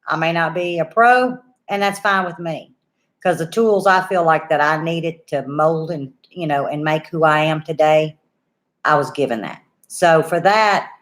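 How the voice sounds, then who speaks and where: A woman's voice: sits low, a bit bright. An older woman, chatting and telling stories to her viewers in a folksy, down-home way. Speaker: homesteading channel host. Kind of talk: casual chat and storytelling to viewers.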